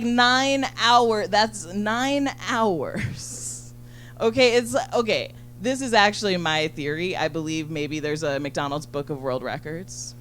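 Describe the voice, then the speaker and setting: A woman doing a stand-up comedy set on a handheld mic, talking rapidly and profanely with lots of "like". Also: low voice, a little hiss or hum. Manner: rapid, chatty, full of "like" and profanity. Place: comedy venue.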